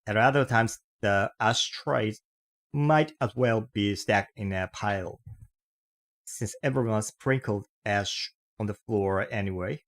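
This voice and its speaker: A man's voice: on the low side, slow, a bit bright. A man reading a novel aloud, carefully and with small slips and restarts. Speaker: reader.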